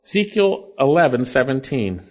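Male preacher, earnest and emphatic, mid-pitched voice, somewhat dull lo-fi sound. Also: very animated, moderate pace. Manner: earnest, emphatic, rising and falling with scripture readings. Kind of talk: sermon. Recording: slightly dull lo-fi recording.

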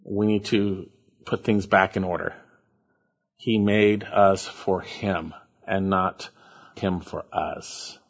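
A man preaching a sermon, reading scripture quietly and rising to loud, high emphatic bursts. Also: highs cut off. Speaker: pastor.

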